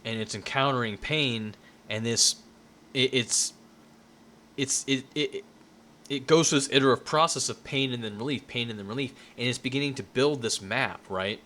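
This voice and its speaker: A man's voice: mid-range voice, moderate pace, bright, forceful tone, slight background noise. A man giving an informal lecture in a loose, conversational way, often checking in with "right?" and restarting his sentences.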